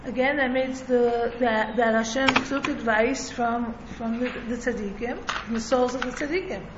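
High-voiced woman teaching in an echoey room. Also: fairly even intonation, normal speed, lo-fi sound, background noise. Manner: conversational, checks in with frequent "right?". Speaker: Torah teacher. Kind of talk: religious class lecture.

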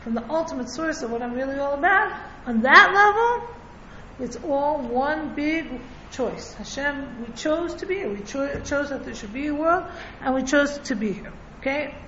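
A high-voiced woman gives a religious class in a relaxed, conversational way and keeps checking in with her listeners. The recording is echoey and a little dull, with a faint hiss underneath. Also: normal speed. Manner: conversational, checks in with frequent "right?". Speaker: Torah teacher.

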